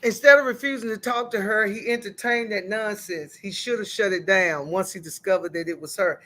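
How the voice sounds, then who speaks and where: A woman's voice: mid-range voice, a little fast, hardly any pauses, pushed and bright. A woman hosting a livestream, chatting casually through gossip and greeting viewers by name. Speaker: livestream host. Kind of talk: casual commentary.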